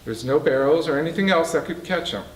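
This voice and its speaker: Man, author, reading his novel aloud, steady storytelling, bookstore, distant roomy sound. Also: fairly high pitch, fast talker.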